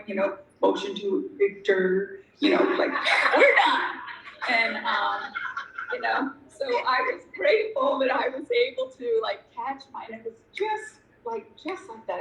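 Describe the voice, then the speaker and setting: A middle-aged woman sharing her story at a recovery meeting, candid and self-deprecating, rambling with lots of fillers. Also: fairly high pitch. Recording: echoey room with faint noise.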